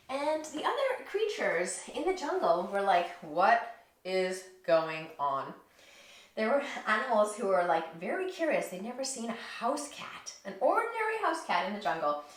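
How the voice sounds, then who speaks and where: A woman leading a children's yoga story, talking in a gentle, encouraging and playful way. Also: a little high. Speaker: kids yoga teacher. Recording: echoey room, distant mic.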